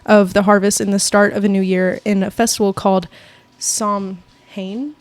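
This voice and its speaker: A woman's voice: medium pitch, flat delivery, normal speed, dry recording. A young woman co-hosting a casual podcast, rambling and stumbling as she reads notes aloud. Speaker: podcast co-host. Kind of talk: casual chat.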